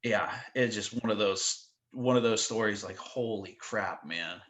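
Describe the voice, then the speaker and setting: A man's voice: lowish voice, unhurried, fairly bright tone, echoey room. A man who works as a touring drum tech, telling a story as a guest in casual chat, rambling with lots of "like" and quoted asides.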